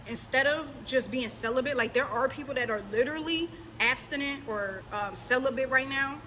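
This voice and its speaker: A religious vlogger fires off a confrontational, scolding rant directly to her viewers, mocking those she targets. Her slightly high voice is bright and forceful, a little fast with few pauses, and the rough recording has a little hiss or hum.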